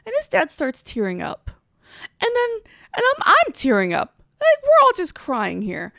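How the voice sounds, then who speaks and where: A woman co-hosting a podcast, telling a story in casual chat, animated and swearing as she acts out quotes. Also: high voice, moderate pace, creaky, no echo, clean studio sound. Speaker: podcast co-host.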